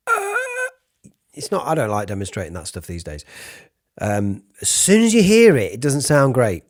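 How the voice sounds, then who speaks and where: Raspy vocal coach guy, gravelly and loose, chatty, breaks off to demo little sounds. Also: medium pitch, wildly swooping pitch, moderate pace. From United Kingdom. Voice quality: raspy, breathy speaking voice. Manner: informal, demonstrates sounds mid-sentence. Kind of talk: singing lesson to camera.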